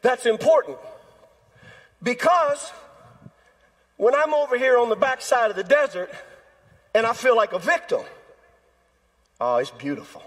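A male pastor gives a sermon somewhat slowly, leaving long pauses. His high voice is husky and breathy, he acts out quoted speech dramatically, and the church sanctuary echoes with long reverb.

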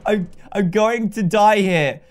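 A young British man in his twenties giving excitable, jokey let's-play commentary, talking to the characters as he plays. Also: high voice, slow, a little hiss or hum. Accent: British English. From England. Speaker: gaming YouTuber.

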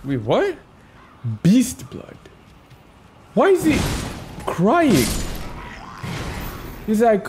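A man narrates his gameplay in a high, sing-song voice that swoops up and down. He takes his time with his words, teasing the enemies he meets and chuckling. Clear noise and game sound sit behind him. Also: huge pitch swings, extremely slow, long pauses, darkish tone. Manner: playful, talks back to enemies and chuckles. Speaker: gaming video creator. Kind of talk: casual gameplay commentary.

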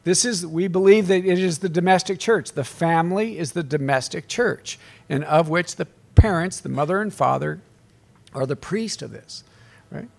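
Gravelly-voiced priest preaching to a crowd. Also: male voice, on the high side, moderate pace. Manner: conversational storytelling with humor and call-outs to the crowd. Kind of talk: conference talk to a live audience.

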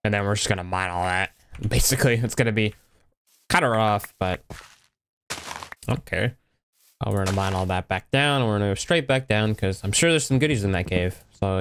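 A man's voice: sits low, clear, resonant tone, no echo. Laid-back young man narrating gameplay. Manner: laid-back, rambling, talks to himself while playing. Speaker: gaming YouTuber. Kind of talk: casual Minecraft let's play commentary.

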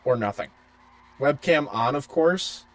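In a dry recording, a man's medium-pitched, slightly bright voice moves a little slowly but with lively intonation. He's livestreaming a car game, bantering with chat and swearing and joking throughout.

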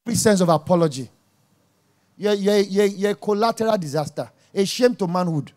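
A man preaching a sermon, emphatic and jabbing, dropping to quiet asides and rising to loud exclamations. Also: sits high, normal speed.

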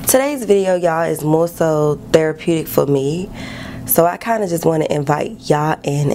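A woman's voice: sits low, gravelly, a little mellow, a little hiss or hum. A woman, chatting candidly and emotionally to her viewers while doing her makeup in her living room. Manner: candid, emotional, talks straight to viewers as "y'all". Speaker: beauty vlogger. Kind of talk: casual get-ready-with-me chat. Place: living room by a bright balcony window.

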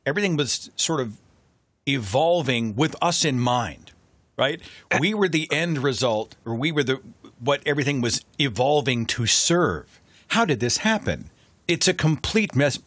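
A man's voice: mid-range voice, fairly bright tone, no room sound. Sardonic man hosting a podcast. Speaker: podcast host. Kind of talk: casual podcast chat.

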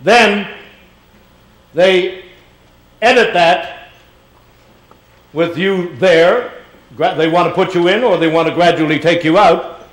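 A man's voice: high voice, slow pace, long pauses, poor audio. A man giving a talk in a large auditorium and answering audience questions. He speaks in a chatty, rambling way and calls audience members "dear.". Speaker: guest speaker.

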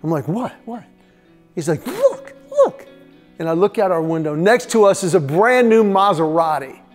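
A middle-aged man hosting a short devotional segment. He tells a family story, acting out the dialogue in lively voices, and drops to a soft, hushed tone for the reflective parts. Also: fairly high pitch, brisk, soft background music.

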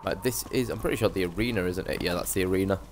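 A man's voice: low voice, racing, a little hiss or hum. A young man giving brash, sweary live commentary as he streams a game.

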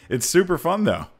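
Man, 30s, podcast host, casual chat, very lively pitch, jokey. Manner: animated and jokey, voice leaping up for emphasis.

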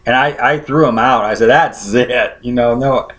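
Man of medium pitch preaching in a chatty storytelling style, checking in with the congregation. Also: steady tone, brisk, fairly bright tone. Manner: conversational, often checks in with listeners. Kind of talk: sermon storytelling.

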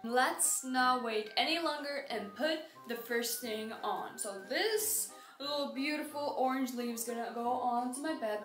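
A woman's voice: high-pitched, a little slow, a bit bright, soft background music. Chatty teen girl in an echoey room. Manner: chatty and upbeat, showing off decorations. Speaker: vlogger. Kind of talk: casual vlog narration. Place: bedroom.

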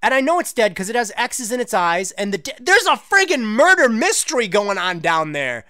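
A man riffs through game listings with a sarcastic edge, his pitch leaping wildly between mumbled asides and shouted exclamations. The recording is dry and close to the mic, with no room sound. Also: sing-song, moderate pace, hardly any pauses, clear, resonant tone, no room sound. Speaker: gaming channel host. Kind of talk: casual let's-play commentary.

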